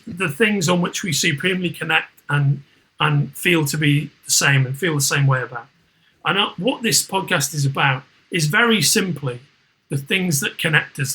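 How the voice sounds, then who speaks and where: A middle-aged man with a Liverpool accent talks in a loose, rambling way, circling back and restarting his sentences. His voice sits fairly high and sounds bright and tense. He swears freely in casual podcast chat. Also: rough recording. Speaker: podcast host.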